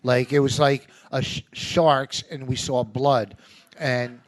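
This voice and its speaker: A man's voice: mid-range voice, level tone, slow. A man from the US East Coast, co-hosting a live comedy podcast, telling stories in a brash, rambling way. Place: live podcast stage before an audience.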